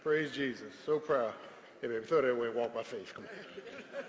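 A man's voice: mid-range voice, moderate pace. A pastor addressing his congregation in a service, exhorting with call-and-response. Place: large church sanctuary. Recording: echoey church hall with congregation.

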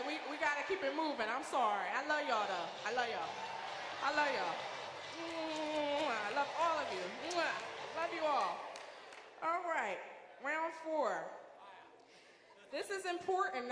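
A woman hosting a game show at a church event, chatty and playful, with apologetic asides to the contestants. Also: sits high. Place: large church hall with a congregation. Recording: echoey hall with long reverb and crowd noise.

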